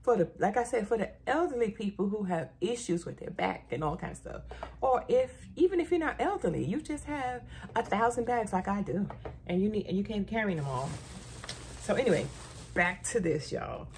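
A middle-aged woman chatting casually to camera about a shopping haul, an animated storyteller who often says "y'all.". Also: mid-range voice, a little fast, slight background noise. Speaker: haul vlogger.

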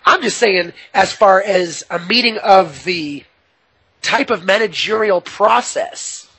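A man hosting a wrestling radio show, wry and laughing in casual banter, with a husky voice. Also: high voice, takes it slowly, bright, forceful tone, no echo. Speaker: host.

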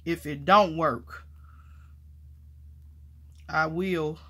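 A woman vlogging casually while mounting stamps, chatty and excitable, calling viewers y'all and honey, and dropping to quiet murmurs as she works. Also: deep voice, extremely slow. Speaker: crafting vlogger. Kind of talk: casual chat while crafting.

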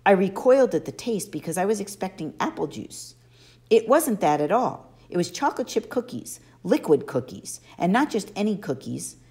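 A woman narrating an audiobook in an expressive first-person storytelling manner. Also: mid-range voice, moderate pace. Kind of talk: audiobook reading.

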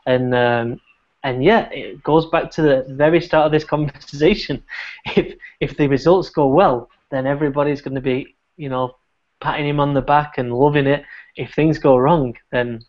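A man's voice: a little high, steady tone, normal speed, darkish tone. A man co-hosting a casual discussion, laughing often and hedging with repeated restarts. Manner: laughs often and hedges with 'I think' and 'you know'. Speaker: podcast co-host. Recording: dull lo-fi recording.

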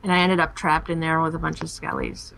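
A woman chatting casually over a headset while playing a game, blunt and sarcastic and quick to swear. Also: low voice, level tone, vocal fry, fairly bright tone, a little hiss or hum, poor audio. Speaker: game player. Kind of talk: casual voice chat while gaming.

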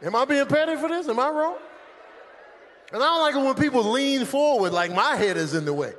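A man whose voice sits very high works a comedy stage at a brisk pace, speaking into a handheld microphone as the audience laughs. Animated throughout, he keeps launching into shouted takes on airport employees, and a faint hum runs under everything.

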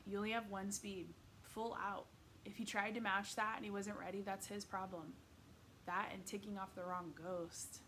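A blunt, exasperated schoolboy, voiced by a woman reading a book aloud. His lines come out a touch higher and more forceful than the plain narration, direct and short-tempered. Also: level tone, normal speed, slight background noise, close to an everyday voice. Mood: subdued. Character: indignant middle-school boy, blunt. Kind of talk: read-aloud storybook voice.

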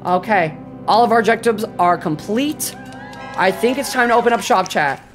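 A woman streaming a cooking game, excitable and foul-mouthed, talking to her chat and flaring into loud exclamations when flustered. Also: mid-range voice, normal speed, soft background music. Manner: excitable, swears a lot, talks to chat. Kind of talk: live gameplay commentary.

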